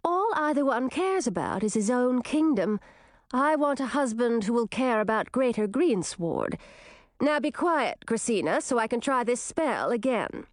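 Casting: woman voicing a condescending teen princess, high and sing-song, dry close sound. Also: sing-song, measured pace, no room sound. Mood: bossy. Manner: condescending, chattering. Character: haughty bossy teenage princess, girl.

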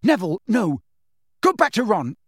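A man's voice: sits high, sing-song, slightly rough, no echo, studio quality, voice pushed up, full character voice. A man voicing a desperate teenage boy wizard, pleading in a hurry. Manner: pleading, hurried.

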